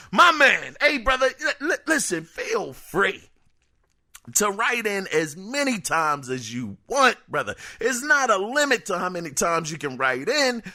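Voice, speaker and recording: Man, high voice, very bright tone, casual podcast, animated, joking. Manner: animated, joking, stumbles and laughs over words. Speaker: podcast host. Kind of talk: casual solo podcast reading listener emails.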